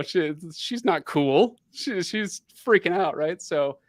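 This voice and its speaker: A middle-aged man hosting a casual livestream, telling a long personal story in an animated way, laughing often and leaning on fillers. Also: on the high side, slow pace, dry recording. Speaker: livestream host.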